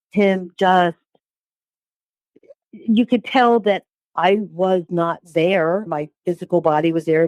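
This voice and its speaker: Woman in her 60s, lowish voice, halting speech with restarts, dry close sound. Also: darkish tone, dry recording. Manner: halting, with repeated words and restarts. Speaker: interview guest. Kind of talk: personal testimony.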